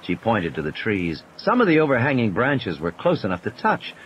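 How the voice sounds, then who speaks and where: A man narrating an audiobook in a measured, expressive way. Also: fairly low pitch, muffled recording, slight background noise.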